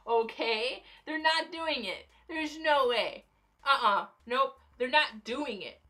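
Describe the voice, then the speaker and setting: A woman's voice: on the high side, pushed and bright. A young woman vlogging casual movie commentary, chatty and playfully sarcastic. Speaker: YouTube vlogger.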